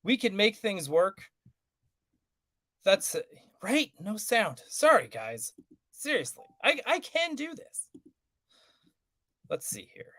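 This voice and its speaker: A man's voice: sits high, big pitch swings, slow, pauses often, a bit bright, dry recording. Rambling man apologizing on a live stream. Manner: rambling, apologetic, fumbling with tech. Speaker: podcast co-host. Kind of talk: casual live-stream chat.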